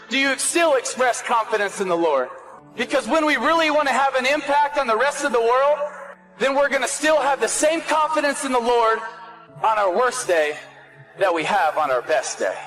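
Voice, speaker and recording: A man's voice: very high-pitched, poor audio. A man from the United States giving an earnest, sermon-like motivational speech about faith. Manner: earnest, rising to shouts. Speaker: Christian speaker.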